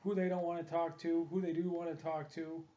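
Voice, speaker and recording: A man rants on about baseball coaching, combative and repetitive, in a fairly high but mellow voice. He hammers the same points again and again. The audio is dull and lo-fi. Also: little pitch movement, fairly quick. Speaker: hitting coach and columnist. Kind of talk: opinionated monologue.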